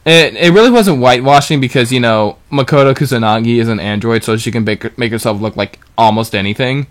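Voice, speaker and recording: A young man in casual chat as a podcast co-host, rambling and animated, restarting sentences as he retells scenes. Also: medium pitch, brisk. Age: young adult.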